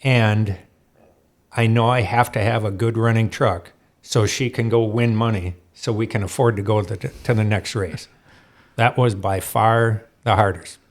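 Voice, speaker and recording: Laughing, animated male storyteller. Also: lowish voice, measured pace. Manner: animated, laughs often, acts out quotes. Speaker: guest, off-road racer. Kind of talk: storytelling interview chat. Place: studio.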